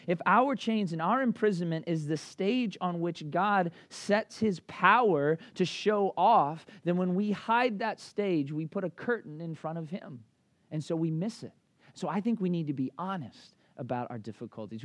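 High-voiced man preaching conversationally. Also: dry recording. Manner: conversational, lively, with many fillers and asides. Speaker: pastor. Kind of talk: sermon.

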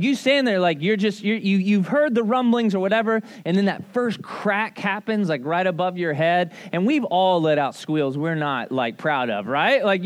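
Man, pastor, casual sermon, fairly high voice, animated and conversational. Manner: conversational, animated, lots of "like" and "right?". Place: church service.

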